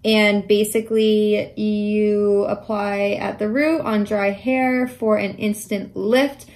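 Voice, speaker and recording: A woman's voice: mid-range voice, fairly even intonation, takes it slowly, darkish tone. A young adult woman chatting casually in a haul vlog, enthusiastic and sometimes dropping into a half-whisper. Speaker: vlogger.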